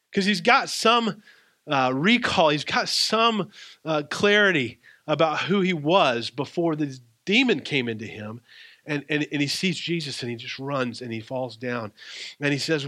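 A man teaches from the Bible, earnest and emphatic, often repeating words as he restarts. His voice is bright and forceful, sitting a bit above the usual pitch. The recording is dry and close, with no room sound. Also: no room sound. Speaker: preacher. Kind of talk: Bible teaching, reading scripture aloud.

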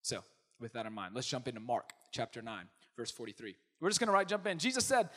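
A man preaching a sermon as pastor, emphatic, swinging from loud declarations to hushed asides. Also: medium pitch, expressive, quick pace.

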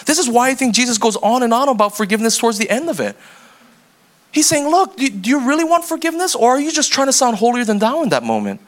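Preaching fast in a very high voice with big pitch swings, this pastor keeps his sermon casual and hits the congregation with question after question. Along the way he plays out small scenes in quoted voices.

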